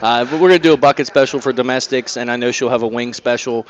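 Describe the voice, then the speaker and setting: A man's voice: medium pitch, fast talker, crowd noise. Laid-back guy who runs a bar, talking hours and specials, kinda muffled recording. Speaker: bar owner. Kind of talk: casual interview answers.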